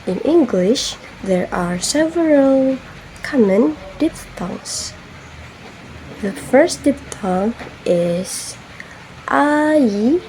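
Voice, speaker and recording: A woman's voice: a little high, lively intonation, drawn-out words, dark tone, slight background noise, low-quality recording. A young woman giving a classroom presentation, carefully spelling out example words letter by letter. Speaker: student presenter.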